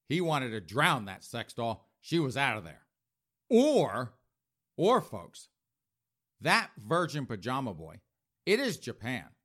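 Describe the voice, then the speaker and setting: A man's voice: medium pitch, sharp tone. A man hosting a podcast with mocking, sarcastic commentary, often addressing listeners as folks. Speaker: podcast host.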